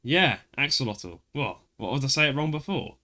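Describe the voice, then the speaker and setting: Lively bright-voiced British man. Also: mid-range voice, moderate pace. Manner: animated storytelling, laughing often. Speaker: podcast host. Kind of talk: casual chat.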